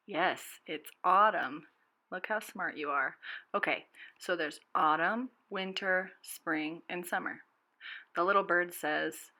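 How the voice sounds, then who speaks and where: A preschool teacher reading a storybook aloud to children and clearly explaining new words. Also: female voice, on the low side, bright, forceful tone. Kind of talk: storybook read-aloud lesson.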